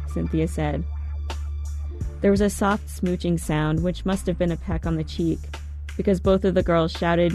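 A woman narrating a first-person story in a measured, reflective manner. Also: low voice, little pitch movement, dark tone, faint music behind. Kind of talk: audiobook narration.

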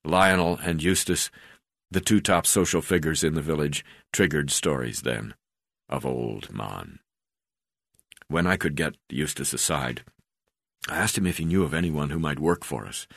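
Man, memoir reading, very low voice, dry close sound, steady with fillers. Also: unhurried, creaky, no echo. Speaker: memoir narrator.

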